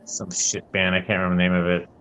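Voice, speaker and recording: A man's voice: sits low, monotone, fast talker, fairly bright tone, a little hiss or hum, rough recording. A man, a guitar luthier, joking around in casual, profane banter as a guest. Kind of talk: casual chat.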